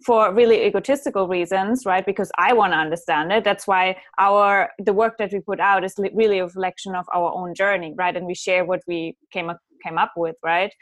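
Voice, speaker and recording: A woman's voice: mid-range voice, fairly even intonation, fairly quick, few pauses. A woman hosting an interview, thoughtfully sharing spiritual ideas and searching for her words. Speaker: host. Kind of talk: reflective spiritual conversation.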